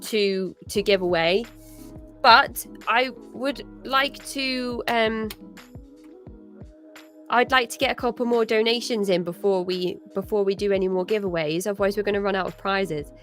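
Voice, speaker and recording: A woman's voice: medium pitch, unhurried, fairly bright tone, soft background music. A British woman hosting a live charity stream, chatting casually with lots of fillers and restarts. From Britain. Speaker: stream host.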